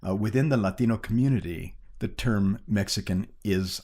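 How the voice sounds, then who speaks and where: A man's voice: fairly low pitch, normal speed, warm tone. An older man, a poet guest on a podcast, explaining ideas in casual conversation with frequent restarts.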